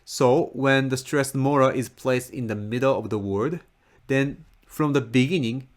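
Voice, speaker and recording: A man with a Japanese accent who speaks Japanese as his first language, explaining a language point in a careful teaching manner and repeating example words slowly. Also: mid-range voice. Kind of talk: slow, careful lesson explanation.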